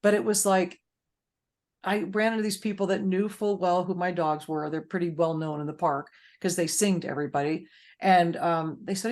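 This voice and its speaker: A woman's voice: on the low side, fairly even intonation, normal speed, a little mellow. Chatty woman hosting a support group. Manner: chatty, storytelling with many fillers. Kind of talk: faith-based grief support group chat.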